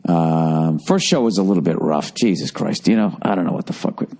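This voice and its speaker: A man in his forties with a Boston accent, his voice worn hoarse, ranting through a profane podcast monologue as a comedian host. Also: low voice, a little fast. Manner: profane, ranting, animated storytelling.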